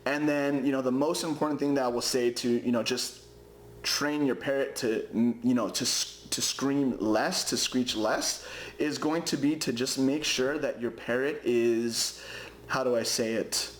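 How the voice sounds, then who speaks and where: A man's voice: medium pitch, fairly even intonation, measured pace. A young man with a pet parrot giving advice in a loose, rambling way, full of fillers and restarts. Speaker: parrot owner giving care tips. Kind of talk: casual advice vlog. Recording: roomy echoey home recording.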